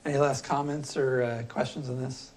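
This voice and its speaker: A man lecturing to a class in a loose, conversational way, stopping to think mid-sentence. His voice sits at an ordinary middle pitch. A faint hum of noise hangs behind him in the classroom. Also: flat delivery, moderate pace. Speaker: philosophy instructor.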